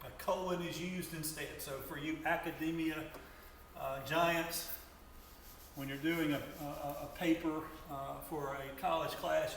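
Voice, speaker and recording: A male teacher giving a grammar lesson to students, talking in a halting way and often repeating words as he explains. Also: a little high, a bit bright. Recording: echoey room from far off, faint noise.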